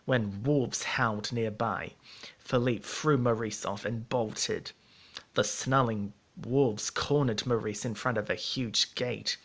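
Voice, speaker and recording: A man narrating a storybook in a measured, steady reading voice. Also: mid-range voice.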